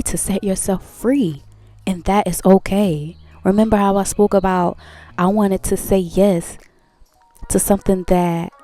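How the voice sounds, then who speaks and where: With a dark, medium-pitched voice, a woman hosts a casual motivational chat, earnestly encouraging listeners toward healing. She tends to repeat points and chuckles at herself.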